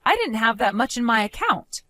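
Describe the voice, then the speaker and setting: In a voiced story drama, an actress plays a calm young woman defending her savings, delivering her lines in a firm, measured, articulate way. Her voice is a little high, with no room sound and soft music in the background.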